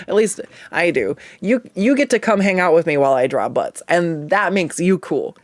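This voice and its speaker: A VTuber artist talks loosely and ramblingly while drawing on stream, with frequent self-deprecating laughs and plenty of swearing. The voice sits at a middling pitch, and the sound is dry and close, with no room echo. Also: expressive, unhurried, pauses often. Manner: rambling, loose, swears freely when annoyed.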